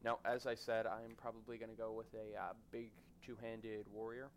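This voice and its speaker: A man's voice: fairly low pitch, completely flat delivery, normal speed, a little hiss or hum. A man giving casual, rambling commentary over his own gameplay, chatty and nitpicky. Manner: rambling, self-described nitpicky, chatty asides. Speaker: gaming commentator.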